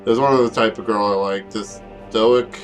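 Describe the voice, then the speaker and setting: A man's voice: lowish voice, steady tone, moderate pace, soft background music. Rambling young man reviewing a game. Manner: rambling, laughs often, self-deprecating asides. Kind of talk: unscripted casual review.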